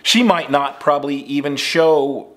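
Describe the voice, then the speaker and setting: A man who is an acting coach, telling an audition story in a relaxed, conversational way with plenty of fillers. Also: a little high, a little slow. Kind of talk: casual instructional storytelling.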